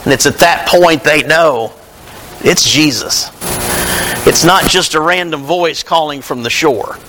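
A male pastor preaching a sermon, retelling Bible stories and acting out their dialogue in an animated way. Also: fairly high pitch, a little slow, noisy background.

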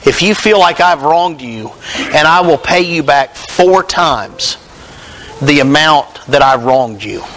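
A man's voice: a little high, animated, takes it slowly, fairly bright tone, slight background noise, pitched below the performer's own voice, rough recording. A man acting out a repentant tax collector who promises to repay those he wronged. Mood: earnest. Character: repentant male tax collector making amends.

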